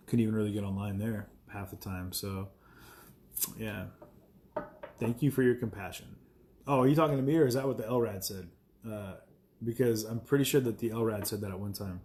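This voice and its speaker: A man's voice: on the low side, darkish tone. A man chatting casually to viewers on a live stream, rambling with many fillers and chuckling asides.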